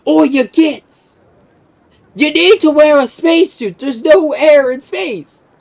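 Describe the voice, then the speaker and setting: A game streamer putting on a loud, gruff voice for a dim-witted male space orc warrior, shouting in a rowdy way. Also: high voice, slow, voice pushed up, exaggerated voice. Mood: bellowing.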